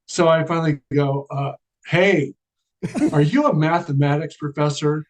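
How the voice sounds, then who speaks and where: A man's voice: a little high, steady tone, normal speed, low-quality recording. A man telling a long personal story in a casual interview, acting out the dialogue and laughing often. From Charleston area, American South. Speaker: guest.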